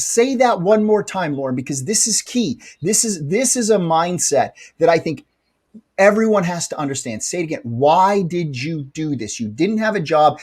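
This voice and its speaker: Brief: male host, very animated pitch, emphatic and repetitive, motivational tone. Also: breathy edge. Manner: emphatic, repeats himself, animated interjections. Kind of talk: live stream interview.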